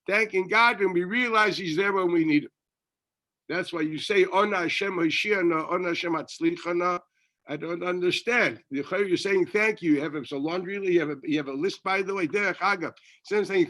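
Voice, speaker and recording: In a fairly high, bright voice, a rabbi gives a Torah lecture in a conversational style. He poses questions to himself and then answers them, sprinkling in Hebrew and Yiddish terms.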